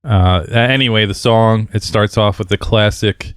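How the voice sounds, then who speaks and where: A man's voice: fairly low pitch, normal speed, clean tone, dry recording. A man co-hosting a podcast, chatting casually about a punk record with lots of fillers and easygoing asides. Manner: relaxed, rambling, frequent fillers and laughs. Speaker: podcast co-host. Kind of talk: casual record-review chat.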